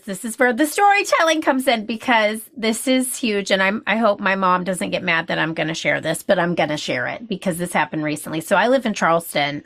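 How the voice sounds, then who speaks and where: A woman guest telling a personal story in casual chat, animated and full of restarts. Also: fairly low pitch. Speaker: podcast guest.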